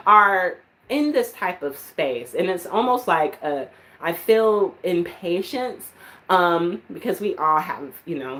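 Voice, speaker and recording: A woman giving live-stream psychic readings, chatty and full of filler words, at times laughing. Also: fairly low pitch. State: out of breath. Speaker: psychic reader.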